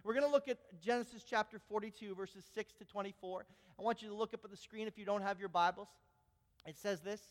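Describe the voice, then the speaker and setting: Man preaching, high voice, animated delivery, long hall reverb. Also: quick pace. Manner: animated, acts out quoted voices, reads scripture aloud. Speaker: pastor. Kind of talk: sermon with scripture reading.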